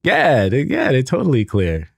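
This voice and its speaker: A man's voice: medium pitch, huge pitch swings, moderate pace, creaky, slightly rough, no room sound. A man co-hosting a casual podcast, telling stories animatedly and laughing at his own puns. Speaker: podcast co-host. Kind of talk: casual conversational podcast chat.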